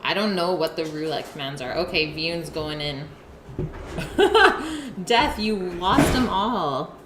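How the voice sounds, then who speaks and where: A woman's voice: fairly low pitch, expressive, takes it slowly. Chatty woman streaming a meal, roomy sound. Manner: chatty, talks between bites, reads chat aloud. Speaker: live-stream cooking host. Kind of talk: casual chat with viewers while eating. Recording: roomy, noisy home stream audio.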